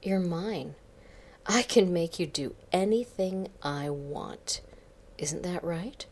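A woman's voice: lowish voice, darkish tone, voice pushed up. A woman reading a smug, domineering boss. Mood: smug, taunting. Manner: slow, taunting, commanding. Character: arrogant domineering male boss, smug and cold.

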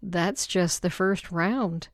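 A woman voicing a playful, eager young woman in a slow, breathy read-aloud story. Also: on the low side, no echo, clean studio sound.

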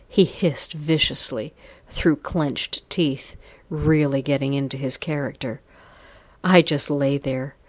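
A woman narrating a scripted erotic story in a breathy, drawn-out delivery that slips into whispers. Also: deep voice, darkish tone, no room sound.

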